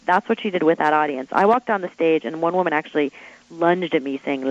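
A woman author being interviewed, telling stories in an animated, chatty way with quick asides and acted-out quotes. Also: fairly low pitch, no room sound, lo-fi sound. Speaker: author guest. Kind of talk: interview storytelling.

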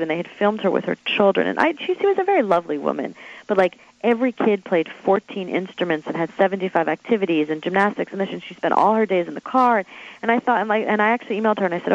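Chatty animated woman author, dry dull sound. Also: mid-range voice, creaky, no room sound. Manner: animated, chatty, quick asides and acted-out quotes. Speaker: author guest. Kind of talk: interview storytelling.

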